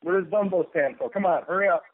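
A man on a phone-quality line chats as a radio guest, rambling and cracking jokes as he spins stories. His voice sits a little high for a man and comes through thin and boxy, as if over a telephone. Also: fast. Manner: rambling, joking, storytelling. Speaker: guest artist. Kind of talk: casual radio chat.

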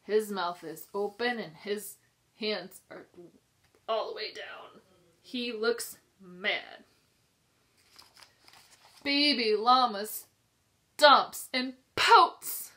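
Slow, bright-voiced woman teacher reading aloud. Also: medium pitch. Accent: New York. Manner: slow, sing-song, expressive reading with questions to children. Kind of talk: children's storybook read-aloud.

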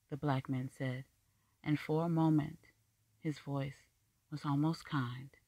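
A reader narrating a short story in a measured, wry storytelling manner. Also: medium pitch, steady tone, warm tone, dry recording. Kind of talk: scripted fiction narration.

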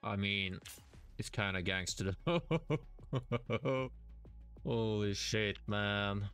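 This is live gaming stream commentary from a young man from Sweden, whose Swedish accent comes through as he mocks himself and vents to his chat. His lowish voice is clear, resonant and fairly bright, but his delivery is flat and he takes it slowly. Faint music sits in the background.

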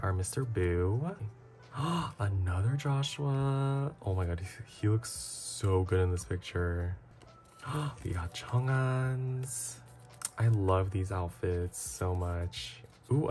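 A man narrating a casual unboxing vlog, excitable and gasping often. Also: on the low side. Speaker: vlogger.

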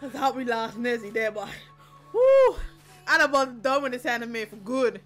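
A young woman reacting to anime, loud and exclamatory and laughing often. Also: on the high side, fairly quick, faint music behind.

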